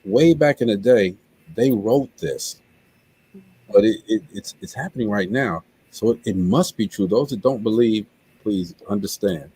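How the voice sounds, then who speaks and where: A man hosts a live web show and closes it with an earnest, preachy talk, often tripping over and repeating his words. His voice sits low and sounds dark and husky. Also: animated, measured pace, dry recording, low-quality recording. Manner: emotional. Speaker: show host.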